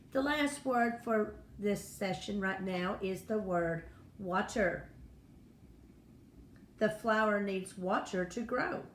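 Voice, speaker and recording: A woman teaching a first-grade spelling and phonics lesson, speaking patiently and encouragingly to young children. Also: mid-range voice. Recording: echoey room with faint noise.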